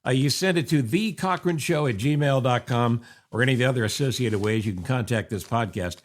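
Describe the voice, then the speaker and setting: A man's voice: mid-range voice, a little fast. An older man from upstate New York hosting his podcast in a chatty, wry monologue from his office, full of sarcastic asides. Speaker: podcast host. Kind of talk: casual monologue. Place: home office.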